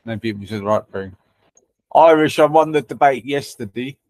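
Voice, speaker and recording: A man's voice: medium pitch, normal speed, a little mellow, no echo. A man hosting a livestream, chatting casually and teasing viewers with banter and swearing. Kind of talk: casual chat.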